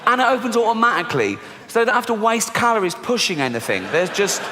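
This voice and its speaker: A man's voice: high-pitched, big pitch swings, fast, bright, forceful tone. A British man doing stand-up comedy on a large theatre stage, sarcastic and mock-outraged, with frequent swearing. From Britain. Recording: live theatre reverb with audience noise.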